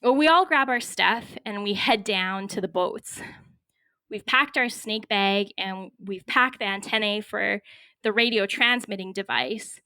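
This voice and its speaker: A young woman from Canada telling a lively personal story with wry humor, recorded at her home. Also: mid-range voice, unhurried, smooth, no echo, studio quality. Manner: lively, vivid scene-setting with wry humor. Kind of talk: personal story told to a podcast.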